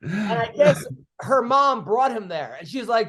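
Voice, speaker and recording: A middle-aged man hosting a podcast, telling comedy-road stories in casual chat, animated, swearing freely and acting out what people said. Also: high-pitched, measured pace. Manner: animated storyteller, swears freely, acts out quotes.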